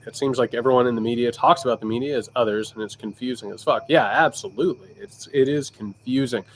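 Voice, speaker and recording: A man's voice: mid-range voice, quick pace, slight background noise. A man with a Southern Indiana accent talking casually on a livestream, loose and candid, often restarting his sentences as he answers viewer questions. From Indiana, United States. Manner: animated, with frequent restarts. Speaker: political commentator livestream host.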